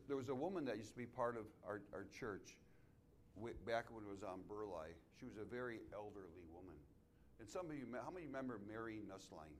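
A middle-aged male pastor preaching a sermon in church, telling a story with many restarts and building to loud, emphatic climaxes. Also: on the low side, slight background noise. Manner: storytelling, repeats and restarts phrases, rises to loud emphatic peaks.

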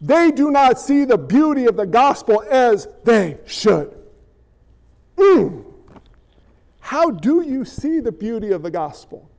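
A man's voice: very high voice, big pitch swings, slow pace, a little mellow. A male pastor preaching a sermon with impassioned, emphatic delivery that often rises and gets worked up.

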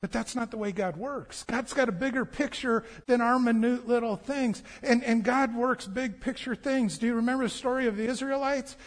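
A man with a high, light voice preaches a sermon, telling the story with animation and acting out the voices of its people. His words ring out with a long reverb trailing behind them, like a church sanctuary. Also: normal speed, few pauses. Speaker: pastor.

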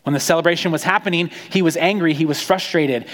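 Animated preacher in a reverberant hall. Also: male voice, high voice, fast talker, hardly any pauses. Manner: conversational, animated storytelling with acted quotes. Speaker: pastor. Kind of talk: sermon.

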